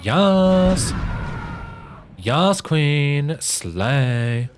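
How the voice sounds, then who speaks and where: A shrill, camp cheerleader voice that squeals its praise high and loud, put on by a man. It gushes over and over in the same breathless way. Faint game ambience sits underneath. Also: big pitch swings, very slow, background noise, exaggerated voice. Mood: gushing hype. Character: sassy high-voiced cheerleader hyping a queen.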